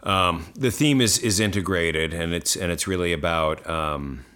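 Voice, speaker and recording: A man co-hosting a casual podcast chat, relaxed and agreeable, mostly giving short replies. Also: sits low, measured pace, clear, resonant tone. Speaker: podcast co-host.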